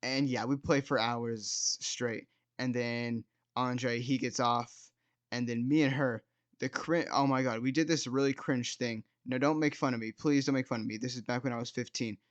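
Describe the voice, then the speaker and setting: A young man in his late teens tells a casual storytime, rambling, self-mocking, and leaning on "like" and "dude". His voice sits at an everyday middle pitch. The recording sounds dry and a little dull and lo-fi. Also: fairly even intonation, normal speed, dry recording. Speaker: storytime video host.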